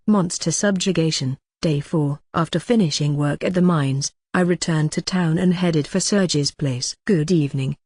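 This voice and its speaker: Lady reading a fantasy novel aloud, low voice, dry close sound. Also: a little mellow, no room sound. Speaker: audiobook narrator. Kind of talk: first-person light novel narration.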